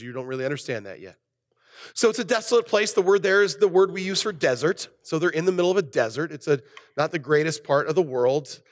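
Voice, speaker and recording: A man preaching a sermon as pastor, animated, swinging between loud emphasis and soft, low asides. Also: big-room sound.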